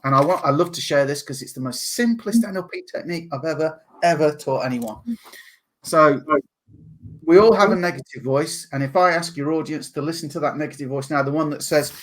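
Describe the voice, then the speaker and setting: An English man talking as a podcast guest, animated and laughing often as he acts out other people's voices. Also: on the high side, a little fast. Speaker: guest, NLP practitioner. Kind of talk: podcast interview.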